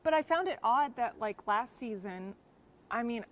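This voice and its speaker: A woman co-hosting a live show review in casual chat, chatty and quick to laugh. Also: fairly high pitch, expressive, a bit bright. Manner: chatty, laughs often, talks over her co-host. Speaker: podcast co-host.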